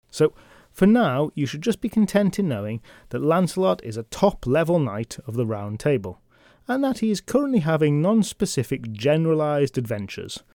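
A male podcast host retells old legends in a chatty, comic way, full of wry asides. His voice sits at a middle pitch. The sound is close and dry, with no room in it. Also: mellow, dry recording.

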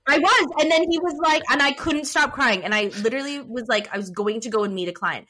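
A woman in her thirties, a podcast co-host from Canada, chatting casually, blunt and animated, swearing freely as she tells stories. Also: high-pitched, fast talker, few pauses. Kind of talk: casual chat.

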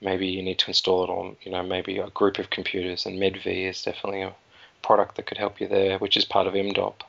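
A man's voice: low-pitched, completely flat delivery, fast, creaky, a bit bright. A man appearing as a guest technologist in a casual chat, explaining at length in a rambling, hedging way. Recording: dull lo-fi recording.

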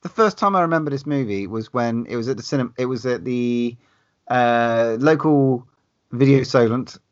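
Male co-host, mid-pitched, eager and sweary, on a dull lo-fi recording. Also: moderate pace. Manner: enthusiastic, sweary, laughs between phrases. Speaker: podcast co-host. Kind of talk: casual film chat.

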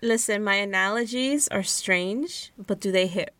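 A woman co-hosting a podcast, recapping a book in casual chat with sarcastic, animated asides. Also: medium pitch, unhurried, dry recording. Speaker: podcast co-host.

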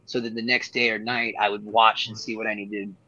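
A man's voice: on the low side, little pitch movement, brisk, sharp tone. A man and guest wrestler telling stories in a casual, rambling way, swearing freely and laughing at his own tales. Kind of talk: casual storytelling in conversation. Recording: dull lo-fi sound.

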